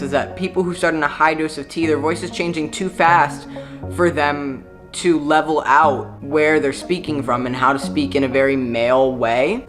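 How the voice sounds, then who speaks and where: A man talking frankly in a casual vlog, chatty and full of filler words. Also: on the high side. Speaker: YouTuber. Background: background music.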